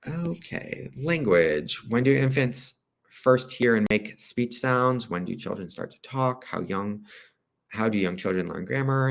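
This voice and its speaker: A man's voice: low voice, gravelly. A man giving a casual recorded lecture on child development, with frequent fillers and asides. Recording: dull lo-fi recording.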